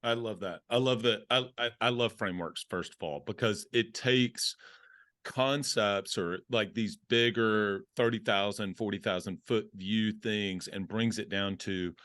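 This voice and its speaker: A man's voice: fairly low pitch, steady tone, unhurried, fairly bright tone, dry recording, clean studio sound. A man hosting a podcast, reacting to his guest in an enthusiastic, affirming, casual way. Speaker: podcast host. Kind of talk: casual interview chat.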